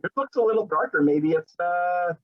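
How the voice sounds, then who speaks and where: A chatty man hosts a spicy food challenge, his voice sitting a little high. He jokes his way through and sometimes talks with his mouth full. The audio is dull and lo-fi. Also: animated, normal speed. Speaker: show host. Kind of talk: casual on-camera chat during a spicy food challenge.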